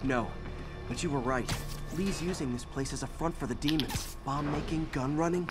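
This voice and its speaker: A man's voice: a little high, moderate pace, natural voice. An actor playing a young male superhero in a video game, quippy and earnest. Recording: game dialogue over loud music.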